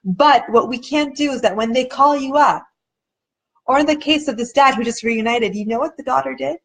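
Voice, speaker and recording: Earnest, chatty woman, slightly high voice. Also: moderate pace, a bit bright, slight background noise. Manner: earnest, conversational, acts out quoted people with shifting pitch; restarts and searches for words. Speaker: documentary director hosting a live chat. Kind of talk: casual live video chat.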